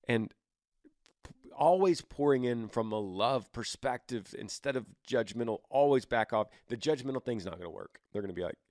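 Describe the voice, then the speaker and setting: A man hosting a podcast, giving earnest, gently persuasive advice on listener questions in a casual way. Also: mid-range voice, animated, normal speed, no room sound, clean studio sound.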